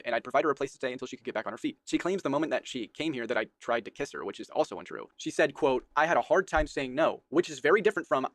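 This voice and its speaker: A man rushes through a prepared statement, earnest and defensive, barely pausing between sentences. His voice sits at a middle pitch and the recording is dry and close. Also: fairly bright tone, no echo. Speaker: creator making a statement video. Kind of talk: read-out personal statement.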